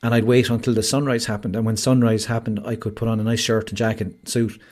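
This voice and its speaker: An Irish podcast guest on a video call shares his story candidly and earnestly in a conversational interview, saying "like" and "you know" a lot. His lowish voice is level, quick and slightly mellow.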